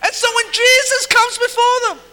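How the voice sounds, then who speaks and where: A man preaching a sermon in pauses for an interpreter, acting out scenes and dropping to a soft, slow voice for quoted words. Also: very high voice. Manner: animated, acts out scenes, drops to soft slow voice for Jesus' words. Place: church hall. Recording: echoey hall. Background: long hall reverb.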